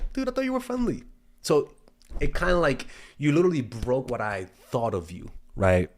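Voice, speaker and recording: A young man talking as a dating coach in a casual, rambling monologue, swearing freely and restarting his sentences often. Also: medium pitch. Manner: rambling, profane, many restarts.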